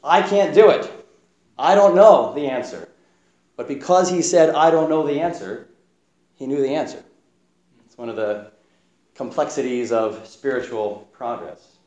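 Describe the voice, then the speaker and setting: A man preaching a sermon, reading scripture aloud and acting out short quotes in a gentle, reflective way. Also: mid-range voice, measured pace, long pauses, dull audio. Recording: echoey room.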